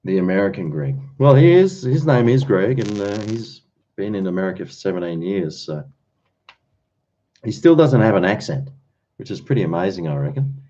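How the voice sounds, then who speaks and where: A man's voice: on the low side, expressive, normal speed, warm tone, highs cut off. A man hosting a casual livestream, chatting and rambling while he answers viewers' comments. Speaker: livestream host.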